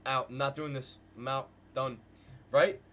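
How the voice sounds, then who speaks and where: A man hosting a live trading stream, calling market moves to his viewers in a hyped, slangy way and repeating phrases in quick bursts. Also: medium pitch, flat delivery, fairly bright tone. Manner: hyped, slangy, talks to chat with "guys" and "bro". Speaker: trading livestream host. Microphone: desk mic with headphones.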